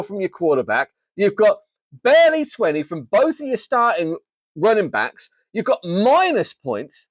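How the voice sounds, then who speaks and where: A man's voice: on the high side, moderate pace, no room sound. A man hosting a fantasy football league recap on his own, talking casually with jokes, restarts and playful mock outrage. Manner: jokey, animated, with frequent restarts and mock outrage. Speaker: fantasy league podcast host.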